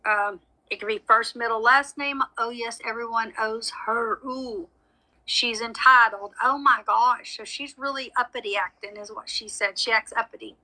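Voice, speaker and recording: A woman's voice: fairly high pitch, moderate pace, bright, forceful tone, poor audio. A woman giving a live psychic reading, chatty and frank with frequent apologies. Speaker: psychic medium. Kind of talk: live social media reading.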